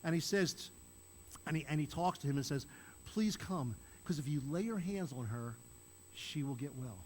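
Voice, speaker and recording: A man's voice: fairly high pitch, animated, normal speed, a little hiss or hum, low-quality recording. An older man preaching a sermon as pastor, talking to the congregation in a conversational way, asking them questions and acting out quoted lines. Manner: conversational, asks the listeners questions; acts out quoted lines in a raised voice.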